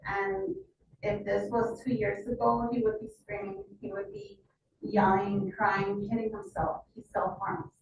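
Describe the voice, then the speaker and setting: A woman's voice: mid-range voice, gravelly, slight background noise. A woman speaking as a mother at a school board meeting, emotional and pleading for her child. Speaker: mother speaking at public comment. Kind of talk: public comment. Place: large public meeting hall. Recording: very echoey hall, distant mic, faint ambience.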